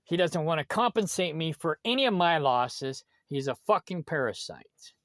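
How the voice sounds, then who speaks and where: A man's voice: fairly high pitch, big pitch swings, moderate pace, a bit bright, no room sound, clean studio sound. A man ranting bitterly in a vlog, complaining about someone with lots of swearing. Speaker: vlogger. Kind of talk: angry vlog rant.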